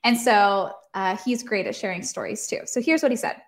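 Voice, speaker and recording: A woman's voice: medium pitch, normal speed. A woman co-hosting a casual chat podcast, talking in a chatty way with frequent laughs and fillers. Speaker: co-host.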